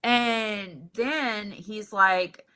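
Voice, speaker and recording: A young adult woman telling a story in casual podcast chat, animated and profane, acting out what people said. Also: medium pitch, drawn-out words, smooth. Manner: animated, profane, acts out quotes.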